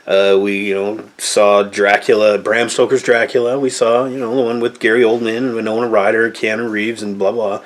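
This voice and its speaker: A man giving a casual movie review, blunt and exasperated, swearing freely as he complains. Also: on the low side.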